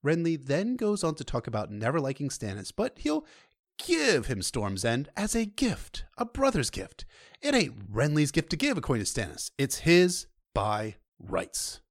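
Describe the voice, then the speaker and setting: A man recapping a book chapter for a podcast with profane, sarcastic asides. His fairly low voice swoops widely, and the sound is dry and close. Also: sing-song, a little slow, no echo. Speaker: podcast co-host. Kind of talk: casual, irreverent summary of a book.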